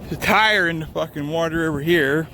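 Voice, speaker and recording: A truck driver walks along a lakeside rest area, filming a casual vlog on a handheld phone as he rambles, lets his thoughts wander and swears constantly. His voice is on the high side, fairly quick and bright, with a forceful tone. There's slight background noise.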